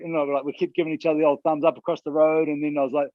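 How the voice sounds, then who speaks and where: A fast-talking man tells lively stories and acts out the lines of the people in them. His mid-range voice comes through dry, with no room sound. The audio is a little dull. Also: a little high, dry recording. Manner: animated storyteller who acts out other people's lines. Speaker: podcast co-host. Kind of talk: casual podcast storytelling.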